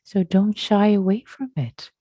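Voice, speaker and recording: A woman meditation teacher speaking gently and reassuringly to a group on a video call, slow and sometimes breathy. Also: medium pitch, no room sound. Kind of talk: gentle dharma talk to a Zoom group. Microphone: computer mic on a video call.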